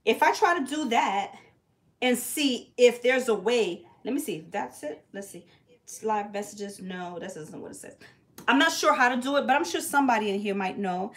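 A woman chats casually on a livestream wig tutorial, blunt and sassy, belting out loud sing-song greetings to her viewers. Her fairly high voice has lively intonation and a moderate pace.

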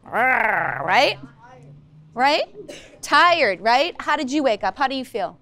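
Brief: woman teacher, high bright voice, upbeat, quizzes her class in a classroom. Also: sing-song, slow. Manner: upbeat, coaxing, asks the class many questions. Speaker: social-emotional learning teacher. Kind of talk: classroom lesson. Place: school classroom.

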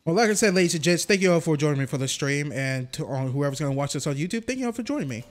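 A man's voice: on the high side, lively intonation, very fast. A young man casually commenting on his gameplay as a streamer, joking and talking to the game. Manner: chatty, jokey, talks to the game.

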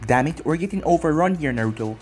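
A man's voice: fairly high pitch, expressive, fast talker, darkish tone, faint music behind, natural voice. A man reading as an exasperated young ninja. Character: hard-pressed young male ninja.

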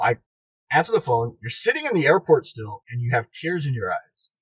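A man hosting a podcast in casual chat, an animated storyteller who laughs a lot and swears freely, recorded inside a truck. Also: medium pitch, brisk, breathy edge, no echo, poor audio. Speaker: podcast host.

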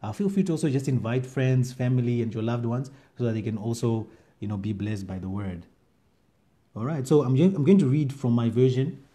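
A man preaching an online sermon during lockdown, excited and reading scripture with lively emphasis. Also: mid-range voice, a little fast. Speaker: pastor.

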